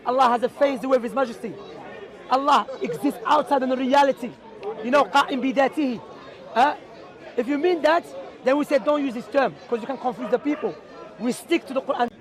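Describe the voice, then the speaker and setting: A man's voice: very high-pitched, fast, some chatter behind. A man preaching on theology outdoors in a city, emphatic and full of rhetorical questions. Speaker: Islamic preacher. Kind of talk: outdoor street talk on theology.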